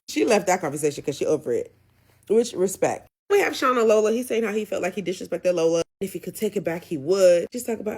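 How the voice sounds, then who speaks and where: A woman's voice: fairly low pitch, lively intonation, quick pace, a little mellow, husky. A woman giving a casual, sassy and blunt recap of a reality show, chatty and opinionated. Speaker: recap vlogger.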